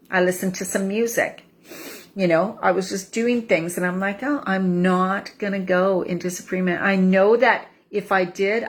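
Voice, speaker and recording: A woman's voice: on the low side, fairly bright tone. Candid woman coach talking through her feelings. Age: 50s. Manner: candid and conversational, repeats phrases, acts out her own inner voice. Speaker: life coach for women over 50. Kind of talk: personal reflective vlog.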